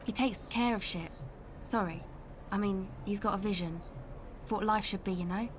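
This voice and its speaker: An actress voicing a cool, guarded young woman in a video game, offhand and evasive, over clear background noise. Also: medium pitch, moderate pace, lightly acted. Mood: laid-back. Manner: laid-back, evasive, offhand. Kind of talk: voiced video game dialogue.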